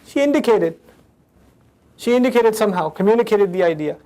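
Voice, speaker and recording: High-voiced man explaining scripture. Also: animated, darkish tone. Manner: recites Arabic verses quickly, then explains in casual English. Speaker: Quran teacher.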